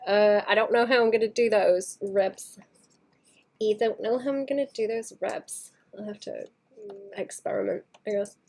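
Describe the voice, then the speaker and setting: Woman softly muttering while she paints. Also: mid-range voice, creaky. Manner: soft muttering to herself, trailing into whispers; thinks aloud, second-guessing her work. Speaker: artist streaming her painting. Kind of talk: casual livestream chat while painting.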